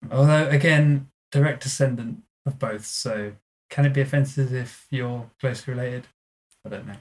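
A man's voice: mid-range voice, fairly even intonation, normal speed, darkish tone. A man co-hosting a casual podcast in a teasing, jokey way. His voice sits in an ordinary middle range. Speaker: podcast co-host.

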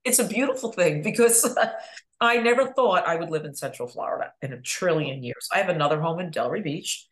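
Lively, chatty middle-aged woman. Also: fairly low pitch, a little fast. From New York. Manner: chatty, laughs often, animated storytelling. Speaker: podcast guest, real estate agent. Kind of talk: casual chat.

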